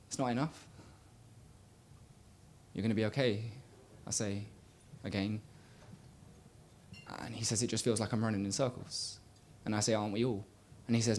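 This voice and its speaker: A young man performing a spoken word poem on a small stage, rhythmic, swinging from loud bursts to quiet murmurs. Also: medium pitch, a little hiss or hum. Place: small live venue stage.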